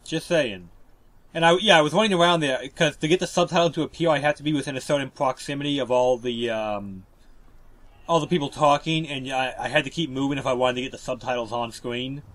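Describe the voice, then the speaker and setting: A man's voice: medium pitch, brisk, a bit bright. A man giving casual, joking commentary over a video game walkthrough. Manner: chatty, joking, self-deprecating. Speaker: let's play host.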